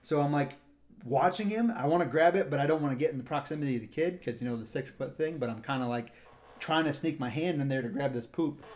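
A fast talker with a slightly high, darkish voice, this park ranger co-hosts a laid-back podcast. He wanders through an anecdote about his park job and acts out the people involved.

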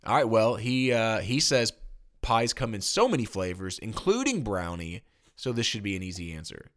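A man's voice: on the low side, very animated, moderate pace, fairly bright tone. A man from Tennessee co-hosting a casual chat, joking and reading out listener comments. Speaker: podcast co-host.

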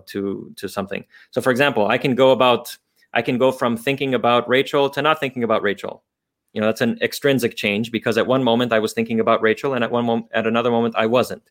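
Man, guest speaker, unscripted explanation, thinking aloud, restarts, middle pitch. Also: a bit bright. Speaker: guest philosopher.

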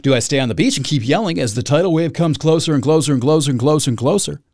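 A man's voice: on the high side, fast talker, darkish tone, dry recording, studio quality. A man hosting a solo podcast, rambling and self-mocking with dramatic asides. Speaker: podcast host.

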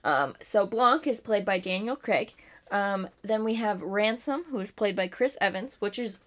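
A woman's voice: medium pitch, expressive, a little slow. A young woman co-hosting a casual podcast, chatty and giggly, often stumbling over names. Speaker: podcast co-host. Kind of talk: casual chat.

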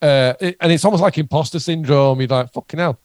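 A man's voice: fairly high pitch, fast, no room sound. A man, a songwriter in a casual chat, who talks emphatically and swears a lot as he tells stories. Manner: heavy swearing, emphatic and storytelling.

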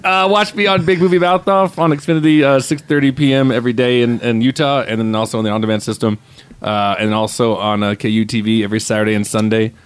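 A man's voice: mid-range voice, fairly even intonation, fast talker, clear, resonant tone. A man appearing as a guest film reviewer in a casual comedy podcast, playful and plugging his TV shows.

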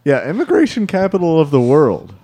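A man's voice: on the high side, huge pitch swings, brisk, mellow. A man hosting a casual podcast, reading out updates in a laid-back way. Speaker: podcast host.

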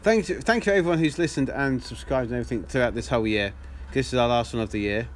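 A man's voice: medium pitch, fast. A man co-hosting a podcast, chatting casually in a pub and telling long rambling jokes with lots of restarts. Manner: rambling storyteller with restarts, acts out voices. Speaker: podcast co-host. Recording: faint background noise in a pub.

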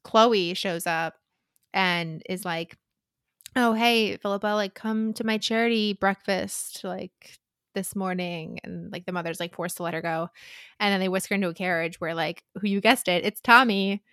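A woman's voice: mid-range voice, moderate pace, a bit bright, clear, resonant tone, no room sound. A woman with a mid-range voice recapping a book in casual chat. She rambles, filling her lines with "like" and acting out quotes as she goes. The recording is dry and close.

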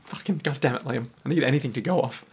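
A man co-hosting a podcast in casual chat, playful and slipping into quick character voices. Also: medium pitch, a little mellow, husky. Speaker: podcast co-host.

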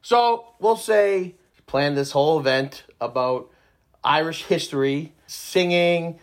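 A man's voice: fairly high pitch, slow. A man co-hosting a podcast, joking and telling a story in a mock-dramatic way. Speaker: podcast co-host. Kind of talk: casual podcast chat.

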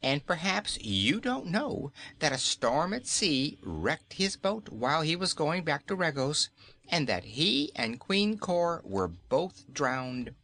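A man's voice: fairly high pitch, big pitch swings, slow, pushed and bright, voice pushed up, exaggerated voice. A man voicing a bold, indignant little girl who scolds firmly. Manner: scolding, firm.

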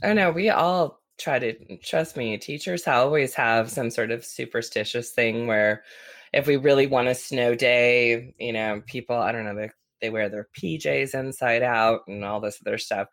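A woman's voice: extremely low pitch, moderate pace. A woman co-hosting a casual podcast, chatty and loose, full of "like" and "you know". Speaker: podcast co-host, teacher.

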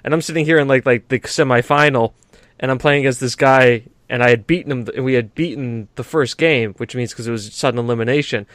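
A man's voice: mid-range voice, fairly quick, a bit bright, no room sound. A man co-hosting a gaming podcast in casual chat, rambling through stories, swearing freely and laughing often. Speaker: podcast co-host.

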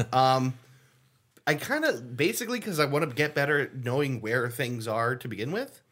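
Bright-voiced man in casual chat. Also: medium pitch, animated, moderate pace. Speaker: podcast co-host.

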